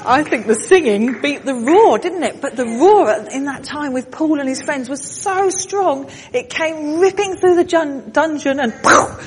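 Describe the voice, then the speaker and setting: High-voiced woman getting the congregation to act along, big church echo. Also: measured pace, hardly any pauses, over music. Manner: animated, directing the congregation. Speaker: children's talk leader. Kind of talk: storytelling with audience participation. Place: church hall.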